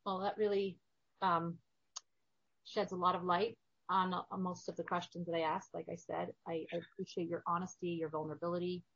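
Female host, lowish voice, attentive and responsive, dry lo-fi recording. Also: little pitch movement, brisk, fairly bright tone, dry recording. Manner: attentive, responsive, stammers when moved. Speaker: interviewer. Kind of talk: interview talk. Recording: dry dull sound.

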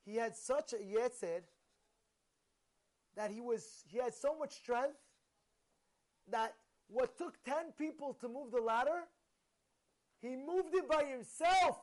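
Rabbi, male, very high voice, animated sermon storyteller, keeps quizzing the audience. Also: takes it slowly, pauses often.

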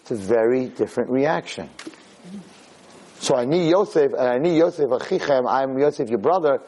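A man giving a lively Torah lecture, who acts out scenes of shouting parents to make his points. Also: moderate pace, slightly rough, poor audio. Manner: animated, acts out shouting parents in high pitch. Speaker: Torah teacher.

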